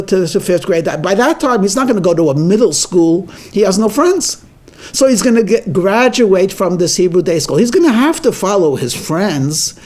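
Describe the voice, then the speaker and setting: A rabbi telling a weekly story as a sermon. His voice sits high, and he presses his points with emphatic, rising phrases. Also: darkish tone.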